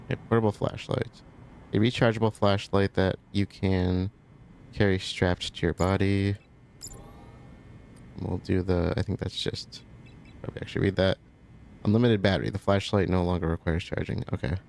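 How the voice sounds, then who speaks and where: A man narrates his gameplay in a low, gravelly voice with a touch of vocal fry. He chats loosely and thinks out loud as he works through menus, in a relaxed, unhurried way. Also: a little hiss or hum. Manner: relaxed, thinking aloud, chatty asides. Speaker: let's play host. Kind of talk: casual gameplay commentary.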